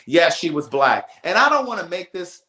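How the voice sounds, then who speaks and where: A man hosting a livestream and telling a story in a casual, animated, emphatic way, often repeating himself. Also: high-pitched, moderate pace. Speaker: livestream host. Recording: roomy echo.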